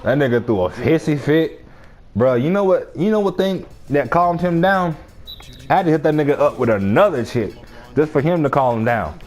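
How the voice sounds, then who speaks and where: A man's voice: fairly high pitch, expressive, normal speed, darkish tone, faint music behind. A young man telling a story in casual chat, slangy and often laughing.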